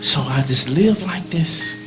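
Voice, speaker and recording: A male preacher delivering a sermon in a dramatic way, swinging from loud lines to hushed ones as he tells a story in the first person. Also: a little high, animated, measured pace, over music.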